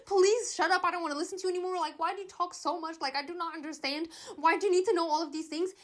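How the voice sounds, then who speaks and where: A woman voicing a gruff, impatient male bird tracker who talks in an exasperated, brusque way. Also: very high voice, fairly even intonation, fast, fairly bright tone.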